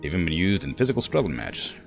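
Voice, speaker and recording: A man putting on a gruff male mech technician with a New York accent, briefing on war machines in a plain, matter-of-fact way. The voice is deep and low. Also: sing-song, rapid-fire, soft background music, full character voice.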